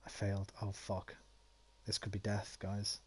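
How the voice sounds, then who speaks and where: A man's voice: on the low side, completely flat delivery, a little slow, breathy edge. A man with a West Midlands accent giving casual, rambling commentary while streaming a game, swearing freely. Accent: West Midlands English.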